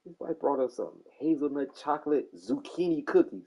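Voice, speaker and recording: Husky, warm-toned man in his 40s, casual chat host, lively profane storyteller. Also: fairly high pitch, moderate pace, low-quality recording. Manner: animated storyteller, profane, acts out quoted people.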